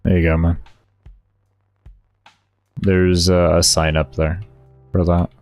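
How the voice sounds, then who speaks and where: A man's voice: sits low, flat delivery, takes it slowly, a little mellow. A male streamer in laid-back, slangy casual chat, talking to his viewers. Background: faint background music.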